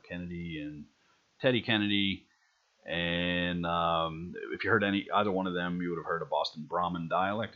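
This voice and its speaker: A man's voice: low-pitched, a bit bright. A male lecturer talking through slides in a loose, rambling way, full of fillers and restarts. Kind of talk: recorded classroom lecture. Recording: dull lo-fi lecture recording.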